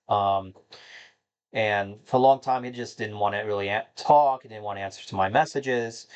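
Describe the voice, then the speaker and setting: A man hosting a gaming channel, talking to his viewers in a rambling, somber and disappointed way, with many fillers and restarts. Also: medium pitch. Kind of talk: casual monologue to viewers.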